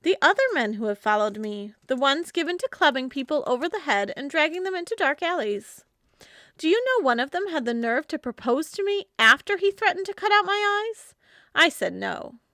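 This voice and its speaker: A woman's voice: high voice, sing-song, moderate pace, no echo, clean studio sound, voice pushed up, exaggerated voice. A woman reading the part of a sly, teasing young woman who mocks a would-be swindler. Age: young adult. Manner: arch, mocking, bright.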